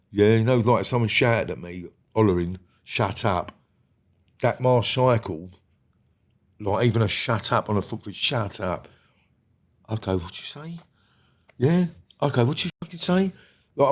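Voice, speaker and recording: Middle-aged man, lowish voice, blunt street storyteller, swears freely. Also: darkish tone. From England. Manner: blunt and sweary, peppers talk with "mate" and "yeah?". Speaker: guest, former prisoner. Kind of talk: candid storytelling interview.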